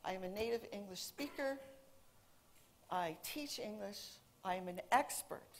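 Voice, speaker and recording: A woman in her forties, an English teacher, giving a talk to an audience in a large auditorium and telling lively stories. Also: medium pitch, measured pace. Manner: animated storytelling, quoting her son in a put-on teen voice. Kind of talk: conference talk to a live audience.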